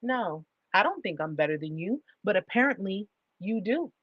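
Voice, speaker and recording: A woman's voice: medium pitch, sing-song, normal speed, slightly rough, no room sound, lo-fi sound. A woman hosting a livestream advice talk, speaking emphatically and driving points home with repeated rhetorical questions. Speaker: livestream host.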